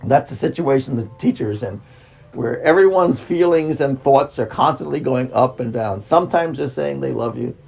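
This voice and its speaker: A man's voice: mid-range voice, expressive, gravelly, a little mellow, slightly rough, rough recording. A man speaking as a spiritual teacher in an unscripted talk, repeating himself, restarting phrases and drawing out words. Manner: repetitive, with frequent restarts and drawn-out words.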